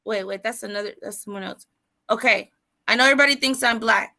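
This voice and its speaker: Gravelly, bright-voiced woman host. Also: on the high side, fast. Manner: chatty, directs the other callers. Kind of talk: casual chat on a video call. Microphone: video call.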